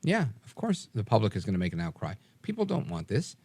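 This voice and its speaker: Male radio host, forties, faint New York accent, fairly low voice, dry close sound, emphatic. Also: fast talker, creaky, husky, dry recording. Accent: New York, mostly softened. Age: 40s. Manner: energetic, emphatic, frequent fillers and restarts. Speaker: radio talk show host. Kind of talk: late-night talk radio monologue.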